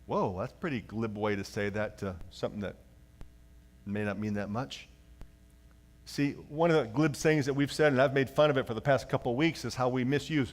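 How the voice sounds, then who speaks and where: A man preaches a church sermon, swinging from hushed lines to rising, excited ones. His voice sits in a middle register. He calls the congregation to read along with him. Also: medium pitch, fairly quick. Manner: animated preaching, slips into acted voices; leads the congregation in reading aloud. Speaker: pastor.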